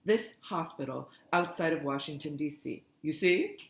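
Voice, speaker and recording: A woman voicing a brisk, teacherly caretaker. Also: sits low, lively intonation, gravelly. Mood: coaxing. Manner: coaxing, organizing, teacherly. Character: brisk, practical adult female caretaker. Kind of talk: audiobook character voice. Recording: roomy echoey recording.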